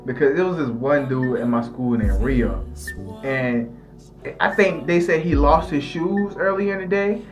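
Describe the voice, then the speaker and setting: A man's voice: a little high, measured pace. Young guy rambling thru a story, slangy, lots of restarts, faint music in the back. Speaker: storytelling vlogger. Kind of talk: casual profane storytime.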